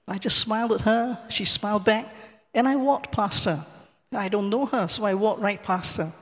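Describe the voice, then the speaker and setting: High-voiced man telling a church testimony. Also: long reverb tail. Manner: lively storyteller who acts out the dialogue and chuckles often. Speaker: church speaker giving testimony. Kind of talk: personal testimony told from the pulpit. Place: large cathedral.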